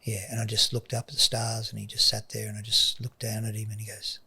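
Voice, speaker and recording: A middle-aged man tells a personal story, soft-spoken and often dropping to a whisper. His voice is deeply raspy and gravelly. Underneath sits a low, forceful edge. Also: monotone, fast talker, hardly any pauses. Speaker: guest.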